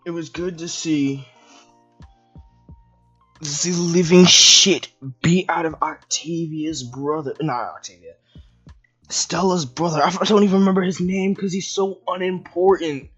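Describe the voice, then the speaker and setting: A woman ranting in a video review. She is profane and exasperated and often breaks into shouts. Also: lowish voice, fairly even intonation, unhurried, slightly rough, dull audio, soft background music. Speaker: video commentator. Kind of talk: angry review rant.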